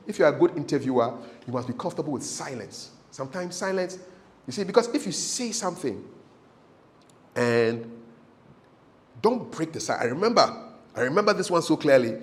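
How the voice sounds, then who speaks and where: A middle-aged man, a TV presenter who gives casual, animated advice on interviewing. He tells stories, repeats phrases for emphasis and laughs often. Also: a little high. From Ghana.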